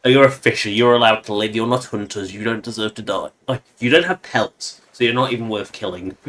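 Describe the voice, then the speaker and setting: A man's voice: medium pitch, a little fast, fairly bright tone. A man giving casual, sarcastic, rambling commentary while he plays a game on stream.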